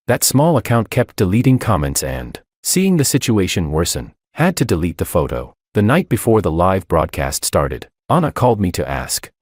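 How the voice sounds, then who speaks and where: A young man calmly narrating a first-person romance story. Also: sits low, normal speed, few pauses, no echo, clean studio sound.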